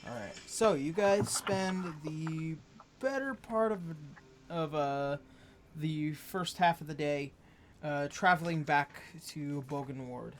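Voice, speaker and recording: Halting, filler-heavy game master narration. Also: medium pitch, animated, background noise.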